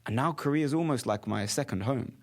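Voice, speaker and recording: Man, from the UK, casual podcast chat, animated, laughing, mid pitch. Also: quick pace. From United Kingdom. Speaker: podcast co-host.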